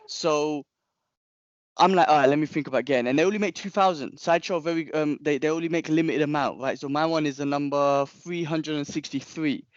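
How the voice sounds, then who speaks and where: A young man, a podcast co-host telling a long story in casual chat, animated and rambling, with frequent restarts and slang. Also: fairly high pitch, fairly quick, no echo, dull audio.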